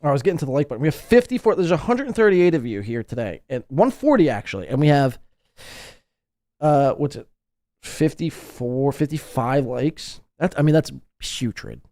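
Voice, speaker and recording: Male podcast host, crude mocking rant, very lively pitch, dry close sound. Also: moderate pace, no room sound. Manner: crude, sarcastic, mocking, swings between loud outbursts and muttering. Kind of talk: ranting live podcast commentary.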